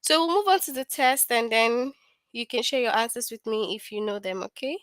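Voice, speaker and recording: A patient woman teacher leads a grammar lesson for small children, asking questions and then answering them herself. Her voice sits a little high and sounds close and dry, with no room around it. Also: normal speed, fairly bright tone, dry recording.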